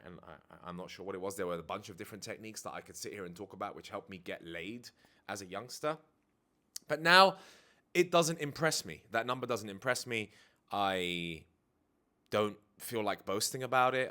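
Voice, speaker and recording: A man's voice: medium pitch, pushed and bright. A man, a dating and life coach, talking frankly and reflectively to camera indoors, swearing casually now and then. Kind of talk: candid confessional talk to camera. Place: indoors with DJ kit behind him.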